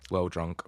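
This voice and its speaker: A man's voice: low-pitched, dry recording, clean studio sound. A young man, a podcast co-host, chatting in a laid-back, joking way. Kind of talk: casual chat.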